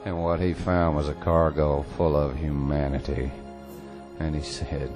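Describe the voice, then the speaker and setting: Slow, swearing, folksy male storyteller. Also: a bass voice, flat delivery, music in the background. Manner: swearing, drawling, colloquial. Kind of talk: profane folksy tall-tale storytelling.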